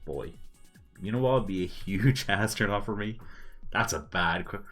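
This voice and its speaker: Young Irish guy, low register, casual commentator, salty and blunt, quick to laugh, faint music bed. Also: fairly bright tone. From Ireland. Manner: swears freely, laughs often, blunt asides. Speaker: commentator reading chat logs.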